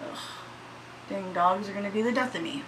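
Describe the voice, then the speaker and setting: A woman's voice: medium pitch, brisk, a little hiss or hum, rough recording. Chatty woman doing her makeup. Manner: chatty, swears freely, yells at her dogs. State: shaky and anxious. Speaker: beauty vlogger. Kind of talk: casual makeup tutorial chat. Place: home.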